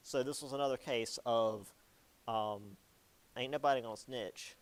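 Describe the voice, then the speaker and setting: A man's voice: mid-range voice, takes it slowly, long pauses, clean tone. A young man giving a casual history lecture, chatty and jokey, with many ums and likes.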